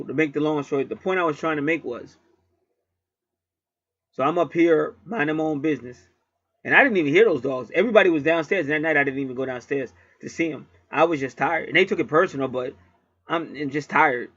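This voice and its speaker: A man's voice: fairly high pitch, fairly quick, a bit bright, no room sound, highs cut off. Rambling, cussing man telling a home story. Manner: profane, rambling, repetitive. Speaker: channel host. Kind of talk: casual storytelling monologue.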